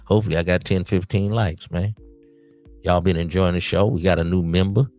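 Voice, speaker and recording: Deep-voiced and a little mellow, this podcast host delivers a casual late-night monologue on his stream, dispensing preachy street wisdom to the young men he calls his nephews. He talks a little fast with fairly even intonation over soft background music.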